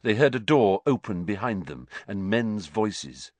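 A man narrating a story in an expressive storytelling manner. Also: fairly low pitch, measured pace, no room sound. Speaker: audiobook narrator. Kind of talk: scripted narration.

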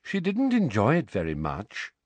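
A man voicing a dreamy, odd teenage schoolgirl in a storybook, soft, vague and matter-of-fact. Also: medium pitch, wildly swooping pitch, moderate pace, no room sound.

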